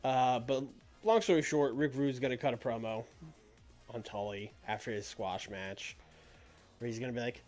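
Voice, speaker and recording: A man's voice: medium pitch, moderate pace. Man thinking aloud on a game stream. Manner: musing, swings from soft to loud. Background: faint music.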